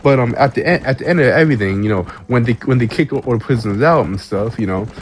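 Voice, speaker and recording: A man's voice: medium pitch, animated, fast talker, slight background noise. A man ranting casually to camera, stammering and swearing, often breaking into laughs. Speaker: vlogger. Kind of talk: casual rant.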